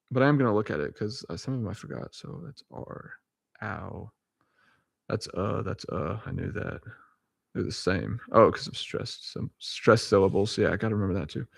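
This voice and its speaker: A man's voice: fairly low pitch, vocal fry, no room sound. A man in a casual vlog reading dictionary abbreviations aloud letter by letter. He chuckles often, corrects himself and drifts into rambling asides. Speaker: vlogger.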